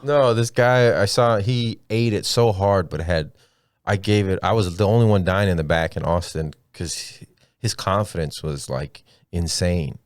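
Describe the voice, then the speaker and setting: A man's voice: low-pitched, fairly even intonation, a little slow, no echo. A man, a comedian and podcast host, telling rambling, profane stories in casual chat. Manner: profane, rambling storyteller, laughs at his own stories.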